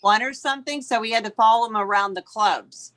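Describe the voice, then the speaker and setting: Woman, fairly high voice, chatty, relays anecdotes, video call. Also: fairly quick, a bit bright. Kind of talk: casual chat.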